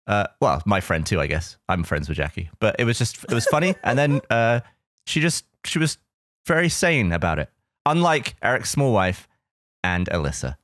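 A man's voice: lowish voice, very animated, normal speed, a bit bright, no room sound. Rambling, laughing podcast man, dry mic. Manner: rambling, stops and restarts with laughs. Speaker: podcast co-host. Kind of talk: casual podcast chat.

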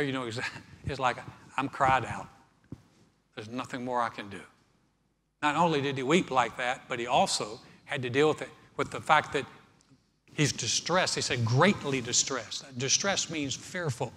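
A male pastor preaching a sermon, earnest, building in force as he quotes scripture. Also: a little high. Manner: earnest preaching, swelling louder when quoting scripture. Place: church sanctuary. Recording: church hall reverb.

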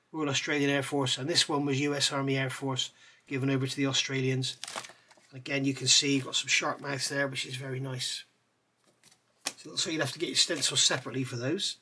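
A man reviewing scale model parts in a chatty way, pausing with fillers and correcting himself as he goes. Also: fairly high pitch, sharp tone. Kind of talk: casual product review.

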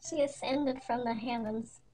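A woman narrating a parody storytime in a quiet, deadpan, mock-serious way. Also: a little high, unhurried. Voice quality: quiet, soft-spoken. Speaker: storytime animator. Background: faint music.

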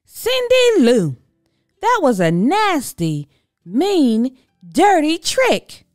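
A woman voicing a stern but excitable female school principal who speaks with emphatic, drawn-out words. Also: mid-range voice, no room sound, clean studio sound, faint music behind. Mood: scolding.

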